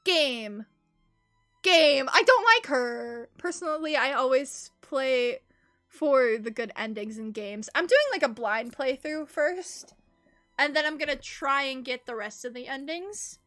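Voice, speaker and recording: A young woman with a high, bright voice talks through a game on a live stream. Her chat is excitable and rambling, punctuated by squealing giggles. The tone stays crisp and upbeat. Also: a little slow, soft background music. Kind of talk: casual live gameplay commentary.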